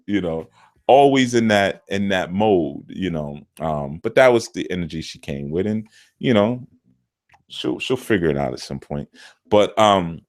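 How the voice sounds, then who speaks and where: A middle-aged man, a spiritual teacher, talking casually and telling stories, often jumping high into quoted voices. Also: a little slow. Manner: animated, jumps into quoted voices with big pitch swings. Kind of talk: casual storytelling talk.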